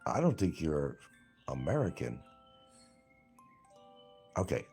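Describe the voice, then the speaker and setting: A man's voice: a bass voice, huge pitch swings, slow, creaky, darkish tone, soft background music. A man hosting a livestream, reading chat comments aloud and mocking people in a rambling, crude way. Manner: crude, mocking, laughs at his own jokes.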